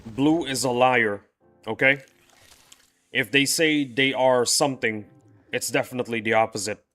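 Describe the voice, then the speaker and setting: A man's voice: mid-range voice, steady tone, normal speed, a bit bright, soft background music. A man livestreaming a game, chatting casually with his viewers in a playful, rambling, teasing way. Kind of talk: casual chat with live viewers.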